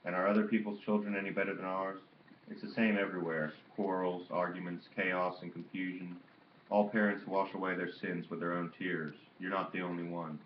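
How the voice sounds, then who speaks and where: A man reading the part of a patient old grandmother who speaks softly and calmly, in a dull, roomy recording. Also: deep voice, brisk, a little hiss or hum, close to an everyday voice. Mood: soothing. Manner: soft and calm, gently scolding.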